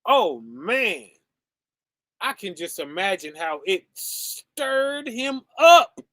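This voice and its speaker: High bright-voiced guy preaching on a stream, slow and chatty, keeps saying y'all and right, dry close sound. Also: big pitch swings, dry recording. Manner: conversational, often ending with "right?" and "okay?"; addresses listeners as "y'all" and "fam".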